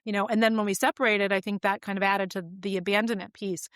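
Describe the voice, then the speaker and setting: A woman's voice: medium pitch, flat delivery, quick pace, dry recording, studio quality. A woman in her forties, a podcast guest telling personal stories in a candid, reflective, conversational way with frequent fillers.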